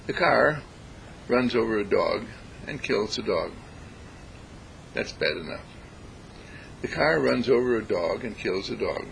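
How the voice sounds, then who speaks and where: A man giving a reflective spiritual talk, deliberate and emphatic, repeating phrases to stress them. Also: on the low side, expressive, vocal fry, a little hiss or hum, low-quality recording. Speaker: spiritual speaker.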